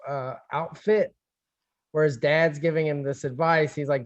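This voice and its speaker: Friendly guy moderating an online workshop, easygoing, highish voice. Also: fairly even intonation, a little slow, muffled recording. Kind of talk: casual conversation.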